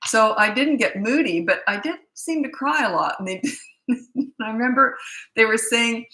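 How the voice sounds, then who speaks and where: A woman's voice: a little high, expressive, moderate pace, pushed and bright, reverberant, rough recording. A middle-aged woman, a parenting coach, answering viewer questions in a blunt, candid and chatty way.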